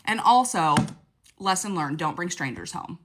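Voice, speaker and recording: A woman's voice: on the low side, lively intonation, moderate pace, noisy background. A young woman casually telling a personal story, chatty and dramatic, often checking in with her listener. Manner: chatty, keeps checking in with "okay?".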